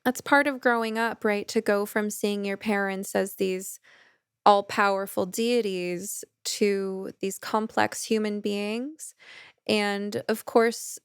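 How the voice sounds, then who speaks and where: A woman, a therapist who hosts a podcast, reflecting on a guest's story in a measured, affirming way. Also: mid-range voice, steady tone, smooth, dry recording, clean studio sound. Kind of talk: reflective interview commentary.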